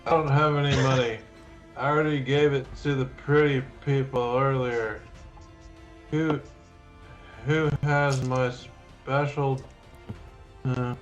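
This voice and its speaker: A man's voice: medium pitch, flat delivery, slow, long pauses, muffled recording, soft background music. A man voicing a groggy, hungover male halfling drunk with slurred, rambling speech in a tabletop game. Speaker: player voicing a drunk character.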